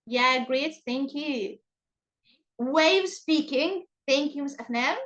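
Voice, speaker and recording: A woman with an Egyptian accent teaching English intonation in an online class over a video call, speaking slowly and emphatically. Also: a bit bright, highs cut off. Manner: slow, emphatic, exaggerated rising and falling pitch.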